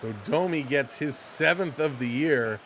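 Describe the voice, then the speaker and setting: A man calling a hockey game play-by-play for a watch-along stream, greeting chat viewers between plays and shouting on big moments. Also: mid-range voice, unhurried. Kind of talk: live play-by-play commentary with chat replies.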